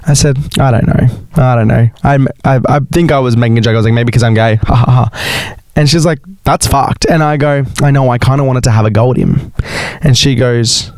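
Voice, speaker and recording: A young man, hosting a podcast and telling a story in a chatty, dramatic way, sometimes jumping into high sing-song exclamations. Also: a little fast, darkish tone, dry recording. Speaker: podcast host. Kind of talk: casual storytelling monologue.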